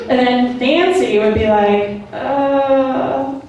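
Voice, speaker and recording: A woman's voice: fairly high pitch, measured pace, noisy background. A woman performing a stand-up routine, telling a casual, profane, slangy story and doing voices for the characters. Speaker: stand-up comedian. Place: comedy club stage. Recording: echoey club from far off with crowd laughter. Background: audience laughing.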